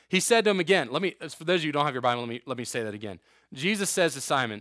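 Joking youth pastor, dry close sound. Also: male voice, on the high side, lively intonation, quick pace, a bit bright, no echo. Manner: joking asides while reading scripture aloud. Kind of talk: informal sermon to a youth group. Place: room with a live group.

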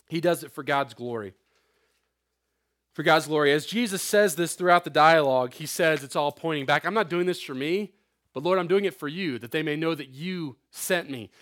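A young man preaching a sermon to a youth group, conversational and animated, with frequent asides. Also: fairly high pitch. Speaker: youth pastor.

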